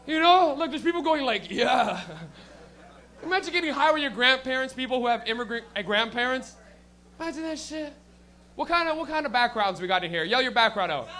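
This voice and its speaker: High-voiced, profane young stand-up comic. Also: male voice, expressive, fast talker, pushed and bright. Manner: loose, profane, crowd-teasing banter. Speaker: stand-up comedian. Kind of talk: stand-up crowd work.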